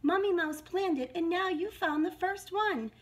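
A woman voicing tiny, squeaky baby mice in a children's storybook reading. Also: normal speed. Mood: excited. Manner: squeaky, excited.

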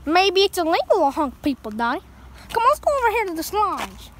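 Jeffy, a woman voicing a squeaky bratty boy. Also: very animated, brisk, crowd noise. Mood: whiny. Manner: whiny, crude, demanding. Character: bratty foul-mouthed little boy. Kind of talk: amateur puppet video acting.

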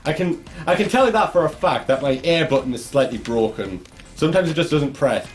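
A man's voice: a little high, expressive, a little fast, faint music behind. A young man giving frustrated, swearing let's play commentary while gaming. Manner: frustrated, swearing, shouting at the game. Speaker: gaming YouTuber.

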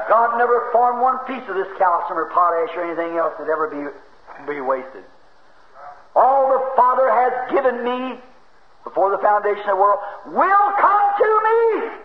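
Fervent preacher on old tape. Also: male voice, high-pitched, big pitch swings, moderate pace, a crowd in the background. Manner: fervent, shouting bursts, folksy grammar. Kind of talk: fiery sermon. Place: church. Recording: echoey lo-fi 1950s church tape.

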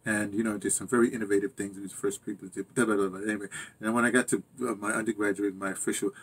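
A man's voice: fairly low pitch, flat delivery, racing, a bit bright. An older man rambling through a casual monologue as host of his own channel, interrupting himself and chuckling at asides. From United States.

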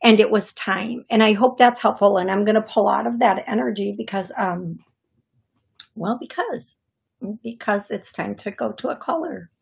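A woman hosting a live call-in radio show as a psychic medium, chatty and quick to laugh when nervous. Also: medium pitch, vocal fry, slightly rough.

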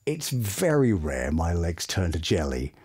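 A middle-aged voice actor chatting casually and telling stories with lively energy. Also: male voice, low-pitched, a little slow, slightly rough. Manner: animated storyteller who slips into character voices. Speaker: voice actor guest. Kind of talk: casual chat.

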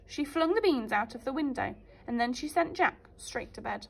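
Woman teacher, reading storybooks to infants, animated and high. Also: normal speed, gravelly, slight background noise. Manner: animated, sing-song storytelling. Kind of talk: storybook reading for young children.

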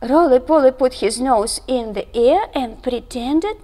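A woman librarian reading a storytime picture book to children, with gasps and hushed asides. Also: sits high, unhurried. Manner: animated, gasping, hushed asides.

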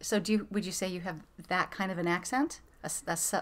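A woman's voice: lowish voice, fairly even intonation, fast talker. A woman hosting a podcast, chatting casually with plenty of fillers and restarts. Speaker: podcast host. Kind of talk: casual chat.

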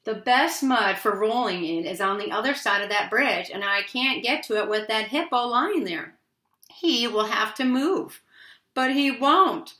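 A woman's voice: fairly high pitch, expressive, unhurried, pushed and bright, reverberant. A woman voicing a fed-up male warthog who complains about a hippo in a storybook reading. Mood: grumbling.

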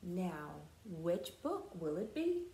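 A woman teacher reads a picture book aloud to young children at an unhurried pace. Her pitch rises and falls in a lively way, and her voice sounds mellow and warm. The recording has a roomy echo. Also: slight background noise. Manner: slow, gentle and lively. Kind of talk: storybook read-aloud for children.

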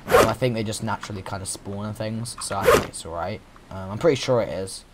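A young YouTuber with a lowish voice talks fast over heavy background noise while playing a survival game. His let's-play commentary is casual and joking, full of rambling and restarted sentences.

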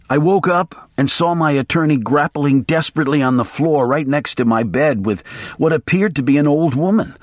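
A man's voice: mid-range voice, no room sound, studio quality. A man reading a novel aloud in the first person, wry and dramatic. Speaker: audiobook narrator. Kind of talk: audiobook reading.

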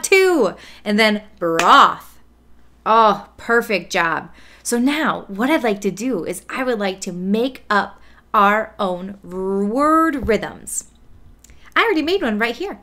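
A woman teaching an online music lesson to kindergarten children, encouraging them with praise and spelling out words slowly. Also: mid-range voice, bright, forceful tone.

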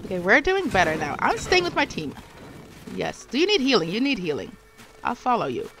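A woman's voice: medium pitch, wildly swooping pitch, brisk, a bit bright, a little hiss or hum. A woman streaming a video game, talking to herself as she plays and breaking into panicked shrieks when attacked. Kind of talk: live gameplay commentary.

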